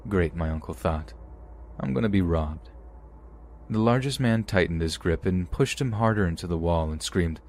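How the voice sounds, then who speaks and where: Deep-voiced male horror story narrator. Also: lively intonation, moderate pace, darkish tone. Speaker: podcast narrator. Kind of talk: scripted narration of true horror stories.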